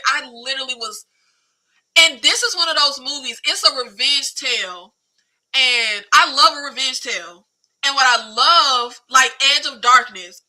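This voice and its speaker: A woman hosts a livestream review of movies. She talks in a lively, colloquial, conversational way. Her voice sits high and rings very bright. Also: poor audio. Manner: animated, conversational, colloquial Southern Black American slang. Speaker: host.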